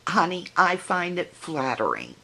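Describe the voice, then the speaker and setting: A middle-aged woman with a drawl talks straight to her viewers in a casual vlog. Her voice sits low and she takes her time, chatty and teasing in a folksy way. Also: wildly swooping pitch, measured pace, bright, forceful tone. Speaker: video blogger. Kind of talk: casual vlog talking to camera.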